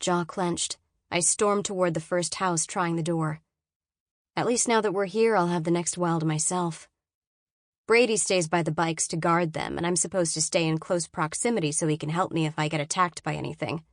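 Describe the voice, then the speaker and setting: A woman with a fairly low voice narrates a novel in first person, measured and often dropping to a hushed, inward tone. The recording is dry and close, with no room sound around her. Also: dry recording. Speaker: audiobook narrator.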